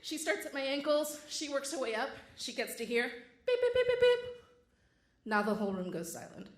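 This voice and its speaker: A woman's voice: on the high side, animated, fairly quick, fairly bright tone, roomy sound. A woman telling a true story on stage with a wry, comic delivery. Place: stage before a live audience.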